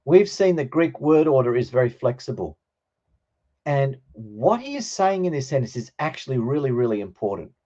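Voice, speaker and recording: A man's voice: mid-range voice, sing-song, moderate pace, warm tone, dull audio. A man teaching a Greek grammar class, explaining patiently and checking in with his students.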